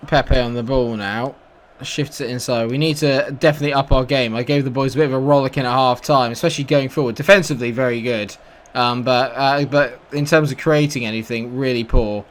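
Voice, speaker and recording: Playing a football video game, a young British YouTuber gives live commentary marked by frustration, swearing and sarcastic outbursts in a British English accent. He talks fairly quickly in a mid-range voice with a steady tone.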